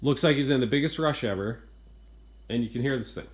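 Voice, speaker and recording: Exasperated male homeowner, handheld home-video complaint, hurried retelling. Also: medium pitch, background noise. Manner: exasperated, retelling events in a rush. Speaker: homeowner reviewing appliances. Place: inside a home kitchen.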